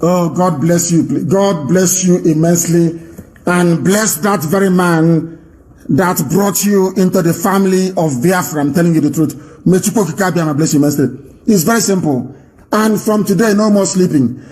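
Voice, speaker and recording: A man's voice: high-pitched, normal speed, darkish tone, low-quality recording. A man hosting a live call-in radio broadcast, fiery and emphatic, repeating phrases for stress.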